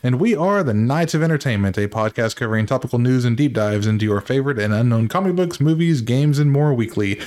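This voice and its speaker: A man hosting a podcast who reads a quick intro and sponsor spot, then banters casually. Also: mid-range voice, expressive, a little mellow. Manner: brisk scripted intro, then joking banter. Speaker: podcast host.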